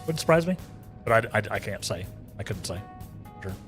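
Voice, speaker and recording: A man's voice: on the low side, very animated, moderate pace, over music. A man streaming a game, chatting casually with his viewers, rambling and repeating himself as he talks. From United States. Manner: rambling, repeats words, chatty asides to chat. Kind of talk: casual chat with live chat while gaming.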